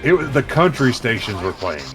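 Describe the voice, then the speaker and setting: Man, game streamer, casual profane storytelling, mimics quoted voices, music playing loudly behind. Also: medium pitch, very animated, normal speed. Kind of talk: casual storytelling over gameplay. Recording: loud background music.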